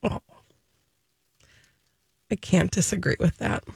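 A woman co-hosting a morning radio show, talking in a chatty, rambling, animated way. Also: fairly low pitch, slow, gravelly, slightly rough, dry recording. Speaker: radio co-host. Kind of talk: casual morning radio banter.

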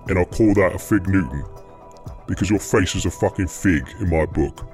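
A man's voice: deep voice, normal speed, darkish tone, soft background music, lightly acted. A man putting on an English gangster. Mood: aggressive. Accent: put-on English. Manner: aggressive, swearing, taunting. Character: foul-mouthed English tough-guy gangster, adult man. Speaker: mystery gangster prank caller.

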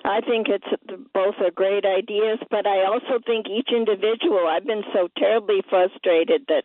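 A woman's voice: mid-range voice, fairly even intonation, moderate pace, no room sound. A woman calling in to a radio show, telling her story with indignation. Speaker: caller. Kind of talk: phone-in call. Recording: tinny phone line.

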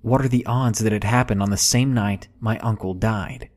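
A man reading out a true scary story in a measured, unhurried way. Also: lowish voice, steady tone, a little mellow. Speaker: narrator. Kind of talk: scripted horror story narration. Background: faint background music.

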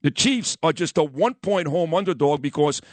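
Wisecracking radio host. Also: male voice, fairly high pitch, normal speed, no room sound. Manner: animated, wisecracking, acts out others in quoted voices. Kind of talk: casual storytelling and sports talk.

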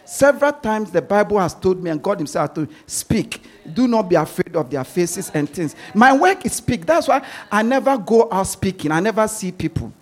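A man's voice: high-pitched, sing-song, fairly quick, few pauses. A man preaching a sermon as pastor, emphatic and repeating words as he presses his points.

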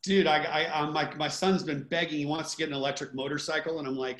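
A man's voice: a little high, fairly even intonation, fast, fairly bright tone. A man in a casual podcast conversation, friendly and teasing, calling others dude and brother. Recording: roomy echo.

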